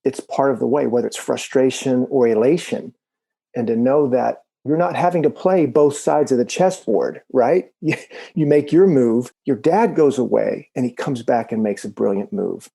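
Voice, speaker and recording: A man's voice: mid-range voice, moderate pace, creaky, dark tone, husky. A man hosting a podcast who speaks in a reflective, coaching way and uses sports comparisons. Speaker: podcast host.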